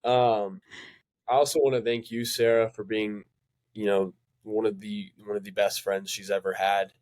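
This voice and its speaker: A man's voice: fairly low pitch, level tone, moderate pace, darkish tone. A young man in college, a podcast guest speaking earnestly and hesitantly in casual chat. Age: young adult, college student. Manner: earnest, hesitant, many fillers.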